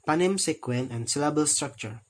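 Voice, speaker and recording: A man's voice: a little high, a little fast. A young man with an Indonesian accent, reading a phonetics lesson aloud carefully and often restarting words. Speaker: student presenting a recorded test.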